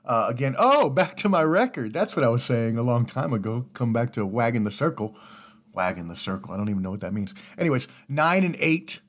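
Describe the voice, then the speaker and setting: A man's voice: mid-range voice, sing-song, fairly quick, hardly any pauses. A man in his thirties from the Washington, D.C. area, hosting his own podcast from a home studio in an apartment, talking in a loose, profane, easygoing way and laughing easily. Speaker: podcast host. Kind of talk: casual solo podcast rambling. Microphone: studio mic through a preamp.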